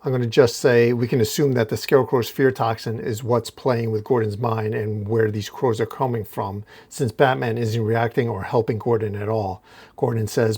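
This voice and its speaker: Brief: male host retelling a comic issue, casual and descriptive, medium-pitched voice. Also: fairly even intonation, moderate pace, darkish tone, breathy edge. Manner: recounts panel by panel, casual restarts. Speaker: comic book recap host.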